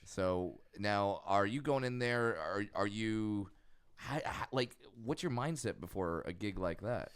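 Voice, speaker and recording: A man hosting a podcast, asking eager, chatty questions with quick asides. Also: lowish voice, lively intonation, clear, resonant tone. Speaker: podcast host. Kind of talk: casual interview.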